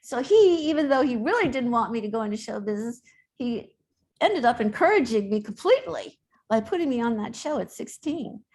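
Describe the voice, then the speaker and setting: A woman's voice: fairly high pitch, big pitch swings, a little fast, a little mellow, husky. A middle-aged woman speaking as an interview guest, chatty and telling stories with frequent laughs. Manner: chatty, storytelling, laughs often. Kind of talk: casual interview talk.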